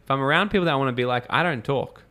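A man, a podcast guest telling lively stories in casual conversation, acting out quotes and swearing freely. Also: medium pitch, racing. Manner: animated storyteller, acts out quotes, swears freely.

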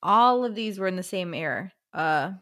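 A woman's voice: fairly low pitch, expressive, normal speed, fairly bright tone. A woman co-hosting a book podcast in casual chat, playful and teasing.

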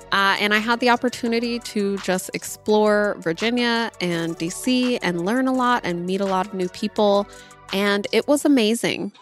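A woman in her thirties hosting a parenting podcast, chatting directly to listeners and calling them y'all. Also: medium pitch. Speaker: podcast host. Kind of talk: casual solo podcast talk.

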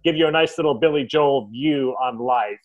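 A man co-hosting a casual music podcast, talking in an animated, mocking way and reading notes aloud. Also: medium pitch, normal speed, dull audio. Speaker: podcast co-host. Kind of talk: casual chat about music.

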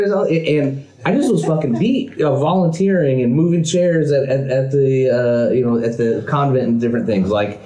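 A man's voice: medium pitch, normal speed, few pauses, dark tone. A man co-hosting a podcast, telling a rambling story full of fillers in casual chat. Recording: roomy echo.

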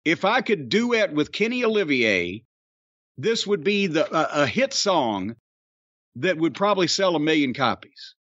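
A man hosting a podcast in casual, profane, rambling chat, his voice getting hoarse. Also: a little high, a little slow, no room sound, highs cut off. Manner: rambling, animated storyteller, profane. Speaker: podcast host.

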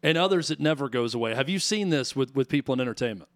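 A man's voice: medium pitch, lively intonation, quick pace. A man co-hosting a studio talk show, asking a guest long, curious questions. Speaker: co-host. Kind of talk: radio talk show interview. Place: radio studio.

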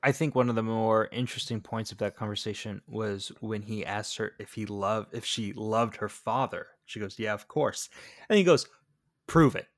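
A man co-hosting a casual movie review podcast, jokey, quick to laugh and to get loud when excited. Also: on the low side, no echo, clean studio sound. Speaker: podcast co-host.

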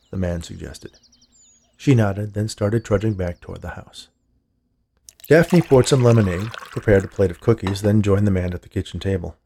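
Male narrator for dark folk horror; gravelly, low, measured.

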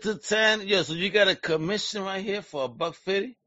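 A man hosting a casual interview, talking in a slangy, excitable, hype-driven way. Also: high voice, brisk, dry recording, muffled recording. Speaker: interview host.

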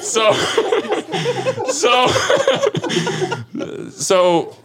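Lively man telling a funny story. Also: very high-pitched, extremely slow, heavy background noise. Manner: animated storyteller, laughs often, many "like" fillers. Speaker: podcast guest. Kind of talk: casual anecdote telling.

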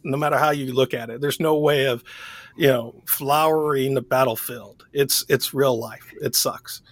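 A man's voice: mid-range voice, steady tone, moderate pace, no echo. A man co-hosting a book podcast, chatting casually and rambling with frequent restarts. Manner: rambling, self-correcting, laughs easily. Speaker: podcast co-host. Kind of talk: casual chat.

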